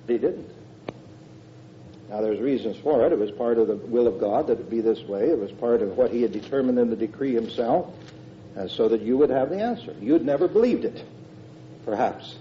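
A man's voice: mid-range voice, animated, moderate pace, pauses often, highs cut off, slight background noise. An older man preaching a conversational verse-by-verse sermon, emphatic, with frequent fillers and restarts.

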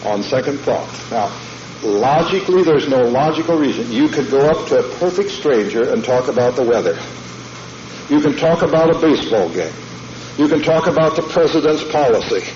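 Folksy preacher on an old echoey tape. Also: male voice, fairly high pitch, lively intonation, normal speed, a little mellow, a little hiss or hum. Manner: folksy, emphatic, asks the congregation questions. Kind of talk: sermon. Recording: dull lo-fi sermon tape in an echoey hall.

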